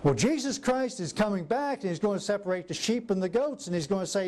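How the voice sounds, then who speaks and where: A man delivers a sermon in a high, lively voice that rises and falls as he acts out scripture scenes. A faint hiss sits behind him. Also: quick pace. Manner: animated, acts out biblical quotes in varied voices. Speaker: preacher.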